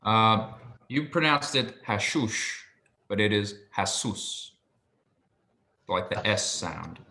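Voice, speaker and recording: A man teaching a one-on-one Hebrew lesson, patient, explaining slowly and repeating pronunciations for his student. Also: fairly low pitch, expressive, creaky, sharp tone, roomy sound.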